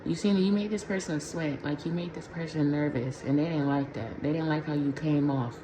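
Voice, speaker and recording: A woman's voice: sits low, normal speed. A woman doing a casual pick-a-pile tarot reading for her viewers, talking in a slangy, profane, conversational way from a room at home. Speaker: tarot reader. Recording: echoey room with clear background noise.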